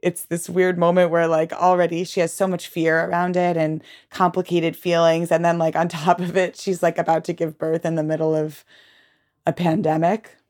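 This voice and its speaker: Woman podcast host, chatty, lots of "like", laughs a lot, lowish voice. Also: flat delivery, normal speed, a little mellow. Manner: chatty, laughs often, fillers like "like". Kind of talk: casual chat.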